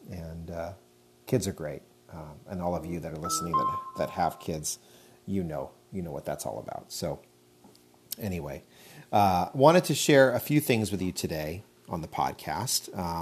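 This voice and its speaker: A man with a very low voice hosts a casual solo podcast. He talks in a chatty, rambling way, laughing often and padding his sentences with fillers. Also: darkish tone. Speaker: podcast host.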